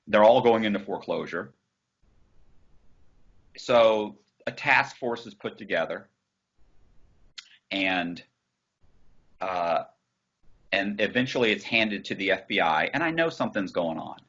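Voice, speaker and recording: A man guest in an interview, telling his story in a blunt, profane, animated way over a video call. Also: fairly low pitch, measured pace, pauses often, lo-fi sound. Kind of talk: casual storytelling.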